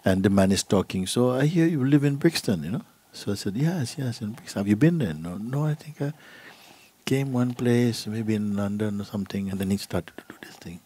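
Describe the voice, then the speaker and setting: Husky low-voiced man teaching gently. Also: lively intonation. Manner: gentle, unhurried, acts out voices in stories. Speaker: spiritual teacher. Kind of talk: satsang talk, storytelling. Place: gathering hall.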